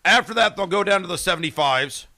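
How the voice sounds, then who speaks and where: A man hosting a morning radio show, excitable and jokey with rapid asides. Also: sits high. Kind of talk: casual radio chat.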